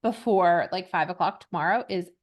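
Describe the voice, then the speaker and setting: A woman in her thirties co-hosting a podcast, chatting casually with quick laughs and self-mocking asides. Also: on the low side. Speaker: podcast co-host. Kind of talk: casual chat.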